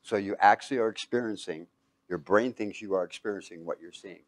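Man quizzing his audience in a lively talk. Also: lowish voice, a little fast. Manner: quizzes the audience with fill-in questions; lively and emphatic, swinging from loud to hushed. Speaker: speaker teaching a live audience.

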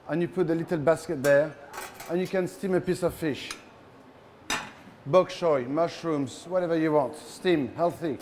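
French chef guy doing a live cooking demo, jokey, voice a bit higher than usual. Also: slight background noise. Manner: playful, joking with the audience. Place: live event in front of a large audience.

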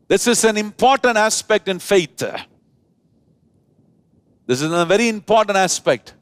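A man's voice: high-pitched, lively intonation, fairly bright tone, no room sound. A male pastor preaching a sermon in a church, stretching key words and calling the congregation to repeat after him. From India. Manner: preaching with drawn-out emphasis and call-and-response.

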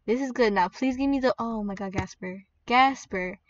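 An excitable woman chatting over her gameplay in a slightly high voice, chatty and quick to squeal. Her voice comes through a dull, lo-fi mic set a bit back from her. The sound is dry, with no room around it. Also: no room sound, far from the mic. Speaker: gaming video creator. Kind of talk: gaming commentary.

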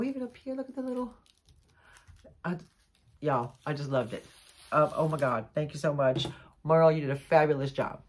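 A middle-aged woman, gushing and excitable as she chats casually to the camera about a haul. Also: low voice, breathy edge. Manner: gushing, excitable, says y'all a lot. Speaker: vlogger showing a haul.

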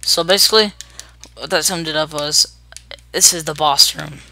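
Bright, chatty young gamer. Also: mid-range voice, moderate pace, dry recording. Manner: chatty and upbeat, narrates moves, counts down out loud. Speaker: gameplay video host. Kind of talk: casual let's-play commentary.

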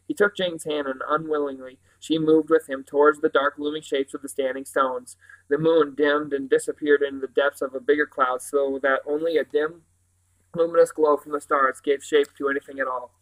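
A man reading a children's novel aloud in a steady manner, with occasional slips and restarts. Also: on the high side, normal speed, poor audio. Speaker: reader.

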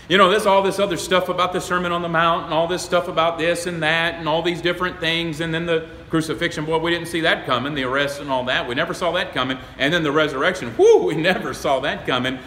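Folksy, emphatic pastor preaching in a hall. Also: male voice, fairly high pitch, fairly quick, a little hiss or hum. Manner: folksy, emphatic preaching that builds to loud exclamations. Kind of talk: sermon. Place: church sanctuary. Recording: echoey, reverberant hall.

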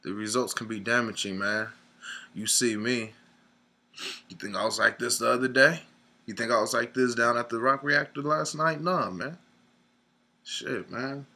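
A man's voice: medium pitch, normal speed, pauses often, bright, forceful tone. A young man rambling in a mock-serious rant, whiny and near tears, tacking "man" onto every line. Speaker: comedic sketch performer.

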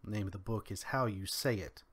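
A young man with a faint Kentucky twang giving solo spoken commentary in a measured, drawn-out way with pauses. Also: lowish voice, breathy edge. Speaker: commentary podcaster.

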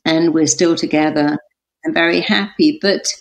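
Woman, somewhat low voice, podcast guest, lively storyteller, mimics other people's words. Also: moderate pace. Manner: animated, acts out quoted self-talk. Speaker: guest therapist and author.

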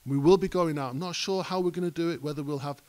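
A man's voice: on the high side, quick pace, darkish tone. A male pastor preaching a conversational sermon that rises to emphatic peaks. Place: church hall.

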